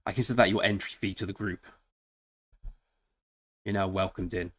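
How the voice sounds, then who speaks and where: A man's voice: low voice, steady tone, moderate pace, fairly bright tone. A man chatting casually and joking while streaming a strategy game. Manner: chatty, joking, talks to chat. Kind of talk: casual live-stream chat.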